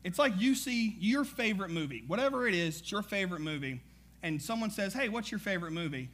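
A man preaching a sermon as pastor, energetic and conversational, with frequent asides to the congregation. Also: sits high, fast.

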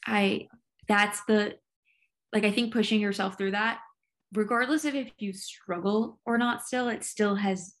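A woman talking in a casual conversation, reflective and supportive, often pausing and restarting her phrases. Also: medium pitch, steady tone.

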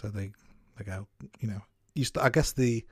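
A man co-hosting a casual film review podcast, talking in a relaxed, thoughtful way with many fillers and restarts. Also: fairly low pitch, moderate pace, breathy edge, no echo, studio quality.

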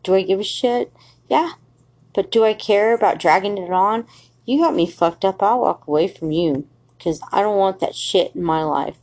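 A woman's voice: mid-range voice, normal speed, a little mellow. Profane rambling woman ranting. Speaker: podcast host. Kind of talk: rambling solo monologue.

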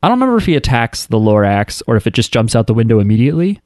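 Man, casual podcast chat, rambling recap, wry, filler-heavy, mid pitch. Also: sing-song, rapid-fire, a little mellow, dry recording, clean studio sound. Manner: rambling, filler-heavy storytelling with frequent restarts. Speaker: podcast host recapping an anime episode.

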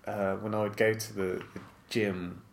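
A British man talking as a guest in a casual interview, relaxed and hesitant, with many fillers. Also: lowish voice, moderate pace, vocal fry, slight background noise.

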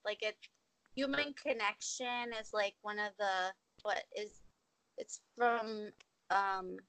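A woman's voice: mid-range voice, steady tone, slow pace, fairly bright tone, dry recording. A young woman from Minnesota, a podcast guest, chatting casually, laughing often and full of fillers. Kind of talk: casual interview chat.

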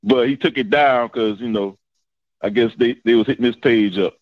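A man's voice: medium pitch, moderate pace, no room sound, highs cut off. A man calling into a sports show, bantering and playfully acting offended. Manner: playful, mock-offended, talks back. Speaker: caller. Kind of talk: casual phone-in banter.

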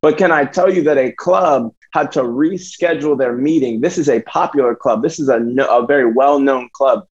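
A man's voice: mid-range voice, moderate pace, few pauses. A man preaching a sermon to students, emphatic and repeating phrases. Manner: emphatic, repeats phrases, acts out his own thoughts. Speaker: youth preacher. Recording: dull lo-fi sound.

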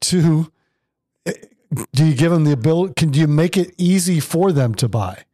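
A man co-hosting a podcast, speaking in a measured, even way about sales process. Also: a little high, dry recording, studio quality. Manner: measured, lots of short agreements. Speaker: podcast co-host. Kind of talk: casual business chat.

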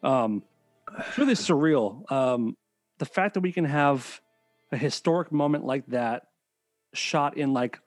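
A man's voice: medium pitch, expressive, measured pace, long pauses, no room sound, faint music behind. A man hosting a podcast, joking crudely in casual banter with his co-host.

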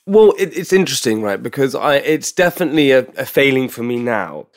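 A young man from England, a podcast guest telling a candid personal story in an energetic way, with many restarts and repetitions. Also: mid-range voice, brisk.

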